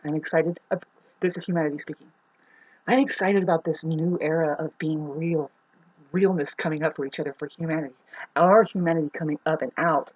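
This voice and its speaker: A woman's voice: low voice, steady tone, brisk, a little mellow, husky, lo-fi sound. A woman delivering a rambling spiritual monologue from home, swearing and breaking into emphatic outbursts. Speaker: spiritual astrology vlogger.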